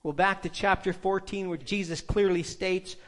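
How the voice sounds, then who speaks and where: A man's voice: high-pitched, fairly even intonation, moderate pace. A male pastor preaching a sermon, emphatic and putting rhetorical questions to the congregation.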